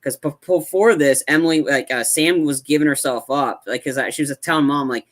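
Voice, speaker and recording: A man's voice: a little high, fairly bright tone. Easygoing man, lots of "like"s. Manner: halting, agreeable, lots of "like" and "yeah". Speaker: movie reviewer co-host. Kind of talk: casual podcast film review.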